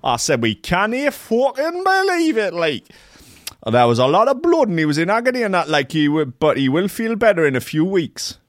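A man's voice: high-pitched, big pitch swings, normal speed, few pauses, a bit bright, no echo, clean studio sound, pitched above the performer's own voice. Foul-mouthed male hospital spokesman, raised and brash, played by a man in a put-on accent. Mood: gossipy. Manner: swears constantly, tags lines with "like" and "and that".

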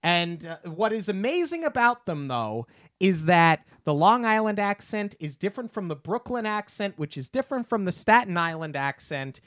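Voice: mid-range voice, big pitch swings, moderate pace, fairly bright tone, dry recording, clean studio sound. A co-host from New York in a casual review chat, opinionated and argumentative, with many fillers and restarts. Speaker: podcast co-host.

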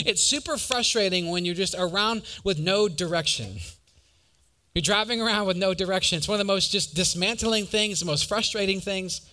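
A young man preaching in a church, his voice bright and forward, sitting a little high for a man. He slips from scripture into lively stories and keeps asking the crowd for a show of hands. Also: fairly quick. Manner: conversational, animated storytelling with audience questions. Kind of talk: sermon.

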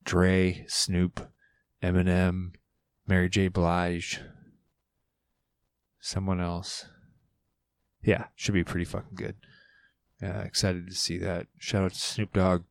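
A man's voice: low-pitched, completely flat delivery, slow, creaky, long pauses, clear, resonant tone, dry recording, studio quality. A man hosting his own podcast, rambling loosely and swearing casually, with playful asides. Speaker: podcast host. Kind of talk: casual solo podcast chat.

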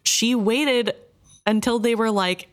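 A woman's voice: fairly high pitch, takes it slowly. A woman co-hosting a casual book discussion, chatty, often saying "like" and laughing easily.

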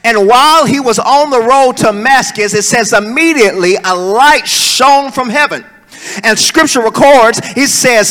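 A male preacher, preaching a sermon and swinging between soaring calls and low, joking asides. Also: moderate pace, sharp tone. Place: church hall. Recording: long hall reverb.

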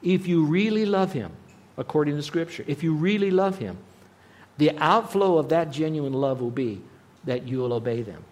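A man giving a radio Bible teaching in an earnest, conversational way, often dropping to a softer voice. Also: on the high side, animated, normal speed. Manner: earnest, conversational, with frequent soft drops in volume.

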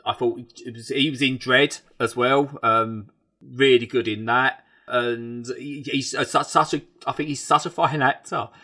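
A man from England reviewing a TV show in casual, animated chat, rambling with frequent restarts. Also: mid-range voice, unhurried.

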